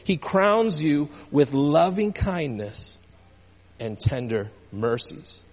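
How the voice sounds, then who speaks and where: A man's voice: fairly high pitch, big pitch swings, slow. A male pastor preaching a sermon, calling out to the congregation, with emphasis that rises and falls. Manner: call-and-response preaching, rising and falling emphasis. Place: church sanctuary. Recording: church hall reverb.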